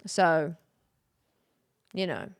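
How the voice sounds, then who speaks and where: A woman's voice: on the low side, fairly even intonation, very slow, no echo. Chatty woman streaming, dry sound. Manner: chatty, giggly, rambling. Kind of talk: casual stream chat.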